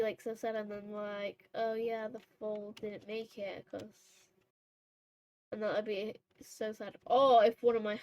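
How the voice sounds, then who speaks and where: Chatty, rambling woman with a higher voice. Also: a little mellow, poor audio. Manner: rambling and chatty, full of fillers and self-corrections. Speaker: gaming vlogger. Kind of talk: casual chat over horse role-play gameplay.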